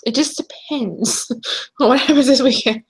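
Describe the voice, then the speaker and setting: Young woman co-host, higher-pitched, chatty and easygoing. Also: moderate pace, husky. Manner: chatty, laughs easily, trails off and restarts. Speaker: podcast co-host. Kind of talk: casual chat.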